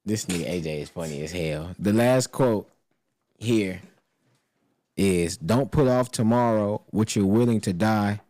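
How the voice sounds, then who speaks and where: Mellow laid-back podcast host man. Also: lowish voice, unhurried. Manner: laid-back, blunt, teasing. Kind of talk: casual podcast chat.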